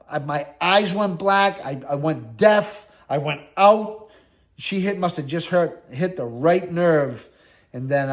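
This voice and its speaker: A middle-aged man casually telling a story from his own life, quoting himself and others in lively, salty slang. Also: medium pitch.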